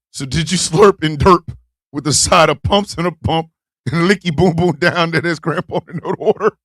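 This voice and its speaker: Man, stream host, loud, profane, high voice, gravelly, dry close sound. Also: normal speed, no echo. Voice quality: brash, profane, laughing often. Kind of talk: loud comedic live-stream chat.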